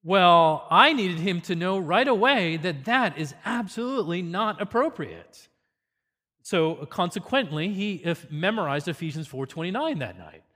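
A man's voice: high-pitched, big pitch swings, measured pace, pushed and bright, long reverb tail. A man giving an earnest, teacherly parenting seminar with a faith focus.

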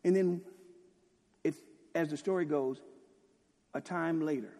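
A man preaching with fervor, his fairly high voice carrying a husky edge. He swings from ringing declamation down to hushed, almost whispered lines and keeps throwing out rhetorical questions. The sound rings with the long reverb of a large hall. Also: measured pace. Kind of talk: sermon.

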